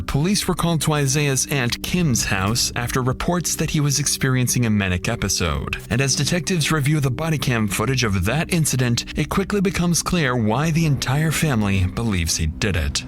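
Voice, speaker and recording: A man giving measured, dramatic scripted narration for a true-crime documentary. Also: medium pitch. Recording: voice-over with loud background music.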